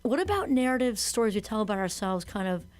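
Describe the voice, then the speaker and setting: A woman's voice: medium pitch, fast talker. Chatty woman podcast host. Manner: chatty and animated, quotes people in voices. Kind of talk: casual conversation.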